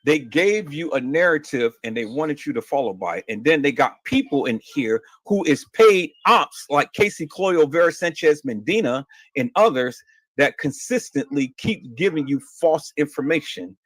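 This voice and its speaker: A man's voice: on the high side, expressive, normal speed, fairly bright tone, dry recording. A man hosting a livestream and answering viewer questions, emphatic and insistent, often stammering and repeating words. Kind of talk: heated livestream talk.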